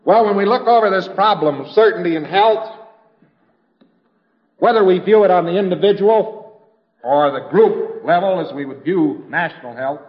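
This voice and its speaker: A man's voice: high voice, normal speed, lo-fi sound. A man giving an informal lecture in a conversational, wry storytelling manner, slipping into quoted voices.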